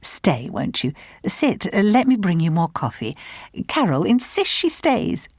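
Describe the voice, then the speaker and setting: A woman reading the part of a merry, worldly retired woman in her later years, bright and amused in manner. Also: sits low, animated, normal speed, no echo, clean studio sound. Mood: amused, effusive. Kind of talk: audiobook character reading.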